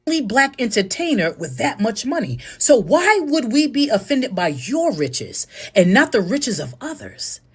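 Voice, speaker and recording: A woman's voice: fairly high pitch, big pitch swings, normal speed, few pauses, husky. A woman making an argumentative point in a commentary clip played on a stream.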